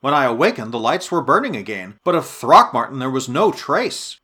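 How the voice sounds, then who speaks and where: A man reading a story aloud as narrator, with lively, expressive delivery and dramatic swells. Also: mid-range voice, normal speed. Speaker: audiobook narrator. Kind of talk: scripted narration.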